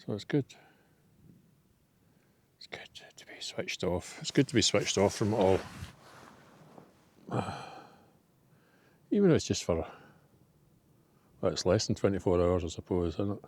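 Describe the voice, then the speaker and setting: A man's voice: deep voice, expressive, moderate pace, pauses often, a little mellow. A Scottish man vlogging casually from an outdoor forest campsite, thinking aloud in an easygoing, rambling way. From Scotland. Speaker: camping vlogger. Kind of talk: casual solo vlog chat.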